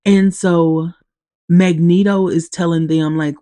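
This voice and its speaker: Slow, gravelly woman near tears. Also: low-pitched, dark tone, no room sound. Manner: emotional, halting, long pauses. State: teary-eyed. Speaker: podcast host. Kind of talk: casual recap of a TV episode.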